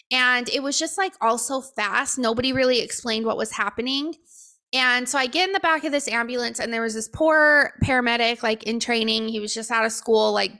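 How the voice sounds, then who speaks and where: A woman's voice: on the high side, pushed and bright. A young woman hosting a podcast on her own, telling a personal story candidly with lots of fillers and quoted dialogue. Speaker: podcast co-host.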